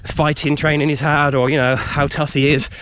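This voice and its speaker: A man's voice: fairly high pitch, moderate pace, a little hiss or hum. A man vlogging outdoors in a wood, telling a story casually with lots of fillers, a little tired from running. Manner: rambling, animated retelling with frequent fillers.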